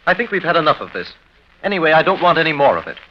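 A blunt, fast-talking husband. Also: male voice, a little high, sing-song. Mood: angry. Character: exasperated husband, blunt, protective. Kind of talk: 1930s radio drama acting. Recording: dull old radio recording with faint hiss.

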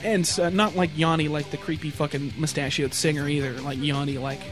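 A man telling a rambling, profanity-heavy road rage story with animated asides, sounding a bit tired. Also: fairly high pitch, brisk, over music. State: tired, yawning.

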